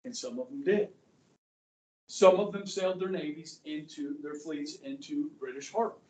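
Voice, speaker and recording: High-voiced male teacher in an echoey classroom. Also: moderate pace, a little mellow, distant mic. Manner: conversational, checks in with frequent "okay" and "guys". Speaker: history teacher. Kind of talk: classroom lecture.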